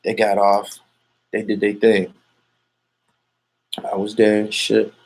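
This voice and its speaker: A man's voice: on the low side, completely flat delivery, takes it slowly. A man answering an interviewer in loose, casual street talk. He brags and swears freely and drifts from point to point as he goes. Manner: boastful, profane, rambling.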